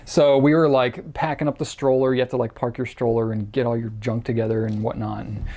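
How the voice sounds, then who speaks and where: Rambling, gravelly-voiced man chatting. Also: medium pitch, flat delivery, fairly quick, warm tone. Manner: rambling and self-deprecating, many fillers and restarts. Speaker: host answering viewer questions. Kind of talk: casual chat to camera.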